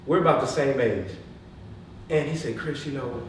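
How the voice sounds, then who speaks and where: A man in his thirties addresses a live audience as a motivational speaker, laughing often and moving between loud punchlines and hushed asides. He sounds distant from the mic, and the room's echo and steady background noise are clearly heard. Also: mid-range voice, moderate pace, pauses often. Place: meeting room with an audience. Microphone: far from the mic.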